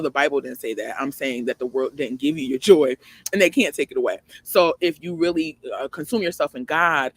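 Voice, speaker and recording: A woman in her forties hosting her own online show, giving an emphatic, preachy motivational faith talk full of rhetorical questions. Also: dry recording. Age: 40s. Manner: jumps high and loud for emphasis.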